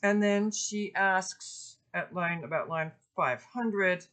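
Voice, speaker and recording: A woman giving a relaxed literature lecture, explaining a medieval poem and pausing often with ums and uhs. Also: medium pitch. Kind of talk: informal recorded lecture.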